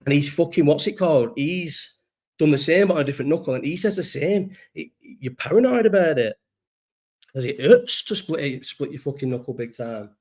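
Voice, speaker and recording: A man's voice: a little high, animated, fairly quick, a little mellow. A young man, chatting casually and rambling on a live stream, swearing and laughing often. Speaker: livestream host. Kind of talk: casual chat reading live chat.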